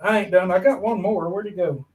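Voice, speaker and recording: A man's voice: high voice, steady tone, brisk, poor audio. A man, co-hosting a casual live-stream chat in a folksy, joking way. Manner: folksy, jokey, calls people brother. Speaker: prepping channel co-host.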